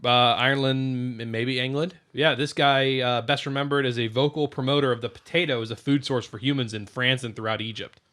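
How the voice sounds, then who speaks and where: Bright-voiced man sharing trivia. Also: medium pitch, steady tone, a little fast, hardly any pauses. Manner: reads out trivia with small stumbles. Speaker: podcast co-host. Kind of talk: casual chat.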